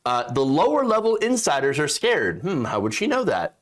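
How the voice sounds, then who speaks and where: A man delivers opinion commentary on the news in a sarcastic, indignant tone. His voice sits a bit high and swings widely as he reacts to what he reads. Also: huge pitch swings, normal speed, hardly any pauses. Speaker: political commentator.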